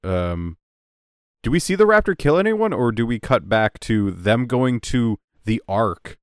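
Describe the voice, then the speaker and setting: A man's voice: medium pitch, sing-song, a little slow, smooth, dry recording, clean studio sound. A man co-hosting a podcast in casual chat, joking dryly and playfully. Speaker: podcast co-host.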